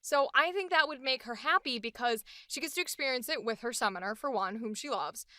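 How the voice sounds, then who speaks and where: A woman's voice: high voice, animated, brisk, pushed and bright, dry recording, clean studio sound. A woman voice actor hosting a show, talking through her choices in a chatty, enthusiastic way as she demonstrates character voices. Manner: chatty and enthusiastic, thinking aloud. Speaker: voice actor and host. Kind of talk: voice acting demonstration.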